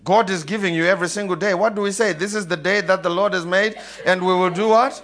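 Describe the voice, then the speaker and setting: A man's voice: sits high, steady tone, quick pace, fairly bright tone. A man preaching a sermon, calling out questions for the congregation to answer and laughing often. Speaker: pastor.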